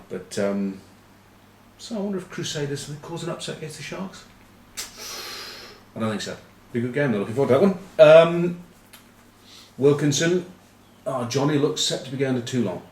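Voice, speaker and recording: A man hosting an informal comedic rugby news vlog, rambling and deadpan, with irreverent asides and many fillers. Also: mid-range voice. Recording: roomy, from a distance.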